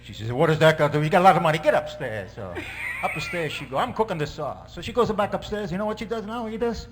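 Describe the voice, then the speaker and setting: Guy doing a goofy italian priest, fake italian accent, broken english, laughs at his own jokes, high lively voice. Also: quick pace, over music. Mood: jovial. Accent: put-on Italian. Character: joking middle-aged male Italian priest. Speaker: comedian. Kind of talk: stand-up character sketch.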